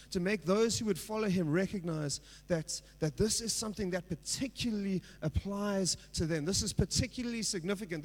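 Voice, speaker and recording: Man, pastor, sermon, high voice, conversational, asks "right?", builds to emphatic peaks. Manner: conversational preaching with frequent "right?" check-ins; builds to emphatic, louder passages.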